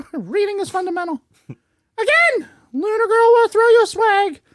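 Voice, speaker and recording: A woman doing a shrill bratty puppet. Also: lively intonation, measured pace, no room sound, studio quality. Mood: pleading. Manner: shrill, playful, bossy pleading. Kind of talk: comic ad read in a character voice.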